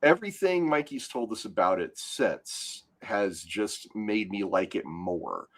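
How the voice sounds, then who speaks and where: Man, low voice with lively swings, podcast host, jokey and laughing, trails off quietly. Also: a little slow. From Arkansas. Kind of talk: casual chat.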